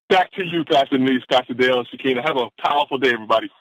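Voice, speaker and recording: A man's voice: mid-range voice, racing, few pauses, fairly bright tone, dry recording, dull audio. A man on a conference call, exuberantly whooping and cheering as he reads motivational quotes in a preacher-like style. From Atlanta, Georgia. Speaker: caller giving motivational quotes. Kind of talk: excited conference-call pep talk. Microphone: phone line.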